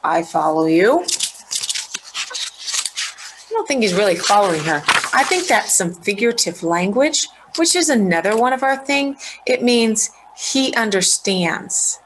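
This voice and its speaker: Middle-aged woman teacher walking through a play, clear and explainy, slight hum behind. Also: fairly high pitch, lively intonation, moderate pace, few pauses. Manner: clear and explanatory, checking in with students. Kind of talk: recorded classroom lesson.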